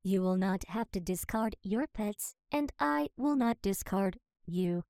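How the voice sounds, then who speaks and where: A woman's voice: mid-range voice, animated, measured pace, a little mellow, no echo, studio quality. A woman voicing a sweetly menacing, childlike female machine who sounds mock-innocent and coldly polite. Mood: coldly calm. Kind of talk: reading character lines with spoken stage directions.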